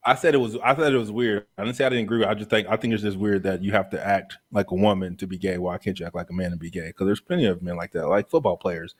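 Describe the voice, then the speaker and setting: A man arguing his point in a heated casual podcast debate, repeating himself and dropping his voice low when he insists. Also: fairly even intonation, fast talker, few pauses.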